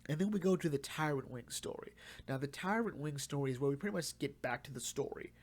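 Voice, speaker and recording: A man's voice: a little high, animated, quick pace. A man casually reviewing and recapping a comic run, chatting loosely and acting out the characters' lines.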